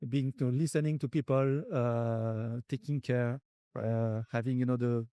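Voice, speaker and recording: A man with a French accent and a mellow, soft-edged tone, speaking English as a second language. He answers interview questions slowly and haltingly, pausing often to find his words. The recording is close and dry, with little room sound. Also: medium pitch, fairly even intonation, clear, resonant tone, dry recording. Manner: halting, searching for words with many pauses. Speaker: company founder and guest. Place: conference venue.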